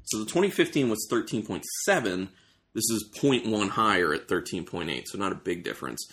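A man's voice: on the low side, lively intonation, brisk, a bit bright. A man hosting a casual beer tasting, describing aroma and flavor as he thinks aloud. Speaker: beer reviewer host.

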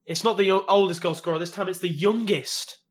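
A man's voice: high-pitched, brisk. A man hosting a casual football quiz, calling on players and confirming their answers. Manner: calls names, confirms answers, lists teams. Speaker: quiz host.

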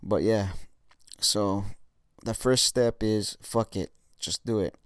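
A young man talks casually, swearing freely and filling pauses with ums and likes. His voice sits low and sounds smooth and clear. The recording is dry and close, with no room sound. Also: dry recording. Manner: casual, swears often, frequent fillers. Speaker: dating coach vlogger. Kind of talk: casual monologue.

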